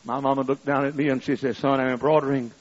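An older man preaching a sermon, swinging between loud shouted appeals and quiet storytelling. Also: mid-range voice, level tone, quick pace. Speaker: pastor. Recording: muffled, lo-fi.

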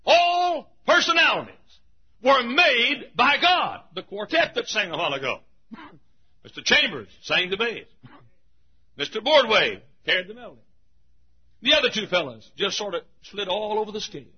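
Man, pastor, preaching a sermon: high husky voice that swoops widely, quick laughs and shouts, dull lo-fi church recording. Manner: lively, laughing often, shouting for emphasis. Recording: dull lo-fi sound.

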